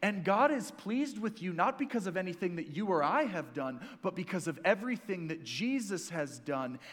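A man preaching a sermon in a church, earnest and emphatic, dropping to soft, intimate lines between stronger passages. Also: sits high, lively intonation, normal speed, big-room sound. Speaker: pastor.

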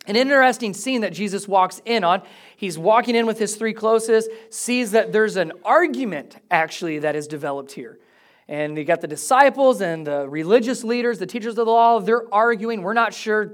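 Guy preaching, reads the bible passage then talks it through, easygoing. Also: sits high. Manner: conversational preaching, reads scripture aloud then explains it. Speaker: pastor. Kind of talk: sermon.

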